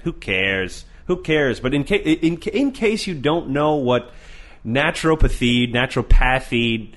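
A Canadian podcast host with a mid-range voice talks a little fast, chatting casually with plenty of energy. He swears freely and mocks things in an animated, profane manner.

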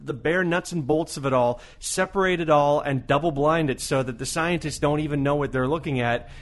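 A man's voice: fairly high pitch, fairly quick. A man co-hosting a casual chat show, blunt and crude with strong opinions. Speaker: podcast co-host.

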